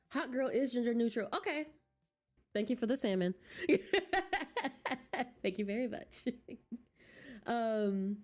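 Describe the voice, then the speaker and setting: Slow-talking, mellow-voiced woman streamer. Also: mid-range voice. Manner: chatty, giggly, talks to chat. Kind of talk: casual game stream chat. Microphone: desk mic.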